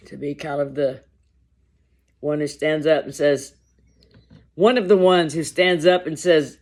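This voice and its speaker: Man, fairly high voice, unhurried and reflective, casual lunch vlog. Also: fairly even intonation, a little mellow. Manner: slow, reflective, halting, with long pauses. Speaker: vlogger. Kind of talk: casual talk to camera while eating lunch.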